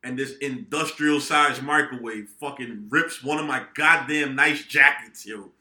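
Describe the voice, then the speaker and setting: A young man co-hosting a podcast, telling a profane, animated story among friends. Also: mid-range voice, a little slow. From New England, United States. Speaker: podcast co-host. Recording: echoey room.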